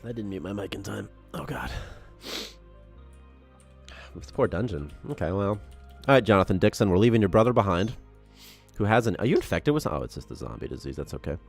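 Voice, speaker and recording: A man's voice: fairly low pitch, very animated, a little fast, gravelly, long pauses, faint music behind. A man on a game development stream, talking casually and rambling with lots of "like" and laughter. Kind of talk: casual live-stream chat.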